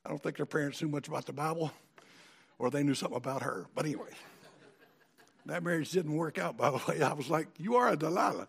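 A man preaching a sermon in a folksy, animated storytelling manner. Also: on the high side, fast talker, vocal fry, pauses often, husky. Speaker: pastor.

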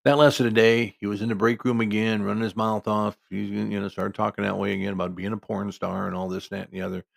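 A man's voice: fairly low pitch, level tone, quick pace, creaky, dry recording, clean studio sound. A man in his sixties telling a true story from his working life in a casual, emphatic, conversational way that wanders into asides.

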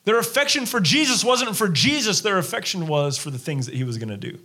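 A man delivering a church sermon with a fairly high-pitched voice. He preaches in a lively, animated way and slips into quoted voices to act out the crowd and Jesus. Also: a little fast. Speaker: pastor.

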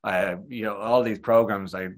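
An Irish man, a TV presenter, chatting as a guest and telling lively anecdotes, slipping into impressions of other people. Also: on the low side, moderate pace. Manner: animated anecdotal storytelling, slips into impressions. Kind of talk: casual chat.

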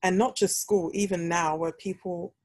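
A woman's voice: on the low side, steady tone, moderate pace, darkish tone, husky, dry recording. A young British woman chatting casually on a podcast and telling a story animatedly, acting out the voices she quotes. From United Kingdom. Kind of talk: casual chat.

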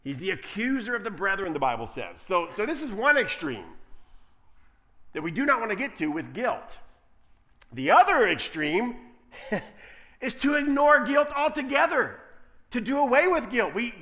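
A male preacher giving a conversational sermon, telling stories in an animated way. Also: high voice, normal speed. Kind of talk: sermon with storytelling.

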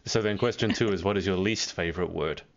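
In a low-pitched voice, a man talks fast while hosting a casual pageant interview streamed over a video call, joking and teasing as he reads viewer comments. The call audio sounds dull and low quality.

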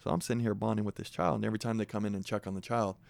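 A man's voice: on the low side, rapid-fire, vocal fry, dry recording. A man from San Jose, a sheriff's sergeant, telling stories earnestly in an interview and acting out what people said. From San Jose, California. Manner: earnest, animated storyteller acting out quotes. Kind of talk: conversational interview storytelling.

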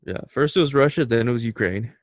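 Brief: male podcast co-host, calm and explanatory, dry close recording. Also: mid-range voice, fast talker, no room sound. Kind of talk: casual chat.

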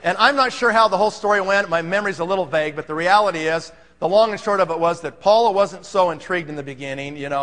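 High-voiced man telling stories in a hall. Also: fast talker, hardly any pauses, fairly bright tone. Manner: emphatic, conversational, frequent "okay?" check-ins. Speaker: presenter at a business seminar. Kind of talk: storytelling presentation to a live audience.

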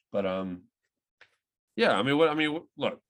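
A man in his thirties co-hosts a podcast, chatting loosely about a movie in a rambling casual review full of swearing and restarts. His voice is on the high side, sing-song, unhurried, and a bit bright.

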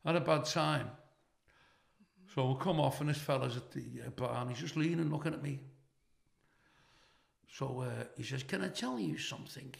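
A middle-aged man speaks at a moderate pace in a creaky mid-range voice, leaving long pauses. He's a comedian guest telling stories, swearing openly and laughing along, and the recording has a roomy echo.

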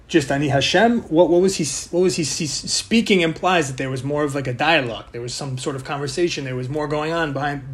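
A man giving a casual weekly Torah talk, conversational and mixing in Hebrew and Yiddish terms. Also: on the high side. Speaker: Torah teacher.

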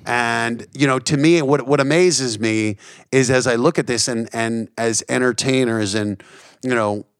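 A man's voice: mid-range voice, measured pace, clear, resonant tone, no room sound, studio quality. A man in his forties, a comedian and TV host, telling stories as a guest in a casual conversation. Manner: earnest, animated storyteller, frequent restarts.

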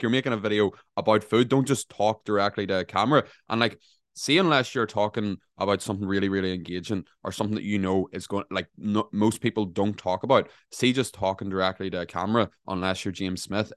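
A man's voice: low-pitched, no room sound, clean studio sound. Blunt, swearing man podcasting. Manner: blunt, swears freely, emphatic. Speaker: podcaster and content creator. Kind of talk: casual podcast chat.

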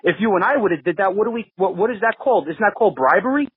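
A man's voice: high voice, lively intonation, very fast, slightly rough, no echo. New York man rambling over a phone line. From Brooklyn, New York. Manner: rambling, many restarts and fillers. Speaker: podcast regular. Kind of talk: casual storytelling.

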